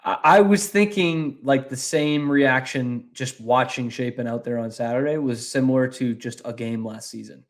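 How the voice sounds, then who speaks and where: A man's voice: mid-range voice, normal speed, hardly any pauses. A man co-hosting a casual sports podcast, agreeable and easygoing, asking his partner questions. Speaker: podcast co-host.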